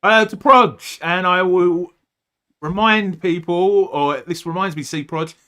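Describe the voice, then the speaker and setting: Bright, clear-voiced male podcast host. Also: high voice, steady tone, measured pace. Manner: chatty, joking, lots of ums and uhs. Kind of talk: casual podcast chat.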